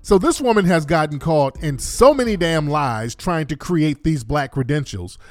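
A man hosting a commentary show, scornful and animated, drawing out and sing-songing his words. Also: on the high side, moderate pace, soft background music. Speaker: host.

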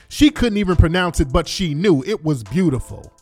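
A man hosting a commentary show, scornful and animated, drawing out and sing-songing his words. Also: fairly high pitch, moderate pace, few pauses, soft background music. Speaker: host.

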